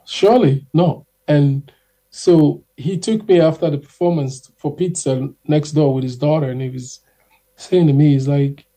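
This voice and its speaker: A young man telling stories in a casual, animated way as a guest, acting out the people he quotes. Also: a little high, normal speed. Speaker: guest singer. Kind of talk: casual storytelling.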